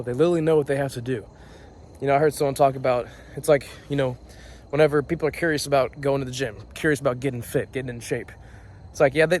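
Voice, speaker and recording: A man's voice: mid-range voice, a little mellow. A man in his twenties giving an earnest, casual motivational talk outdoors, often repeating and rephrasing his points. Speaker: vlogger. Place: outdoors on a property on a rainy day.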